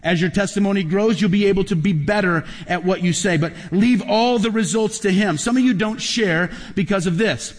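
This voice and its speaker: A man's voice: high voice, normal speed, few pauses. A middle-aged man preaching a sermon as pastor, telling stories and building to emphatic peaks. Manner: storytelling, emphatic, rising to loud peaks. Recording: long hall reverb.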